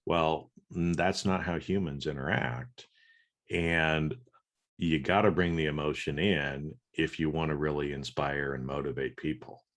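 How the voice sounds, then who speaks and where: A man's voice: very deep voice, steady tone, a little slow. A man co-hosting a podcast in casual chat who coaches business leaders. He talks with hesitant restarts and demonstrates his points.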